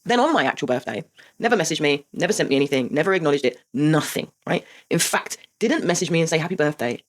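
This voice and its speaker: A woman's voice: deep voice, expressive, quick pace. A woman in her forties, hosting a heartfelt confessional monologue, emphatic and blunt with the odd swear. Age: 40s. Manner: emphatic and heartfelt, swears, asks rhetorical "right?". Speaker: host.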